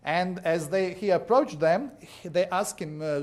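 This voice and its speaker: Man, high-pitched voice, sermon, storytelling, fillers. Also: a little slow, few pauses. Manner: storytelling, frequent "uh" and "you know". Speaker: preacher. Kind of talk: sermon with anecdotes.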